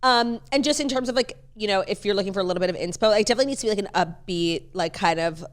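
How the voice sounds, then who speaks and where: A pregnant woman co-hosting a casual chat podcast, animated, laughing often and swearing casually. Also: medium pitch, racing. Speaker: podcast co-host.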